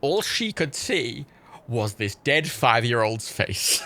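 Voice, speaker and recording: A man's voice: medium pitch, very animated, takes it slowly, background noise. A young man streaming a game, rambling through stories and swearing freely in casual chat. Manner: rambling, swearing, laughing storyteller. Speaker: livestream gamer.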